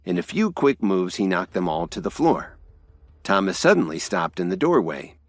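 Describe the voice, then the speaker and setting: Low-voiced, expressive male narrator. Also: normal speed, dry recording, studio quality. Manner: expressive storytelling. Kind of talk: scripted audio drama narration.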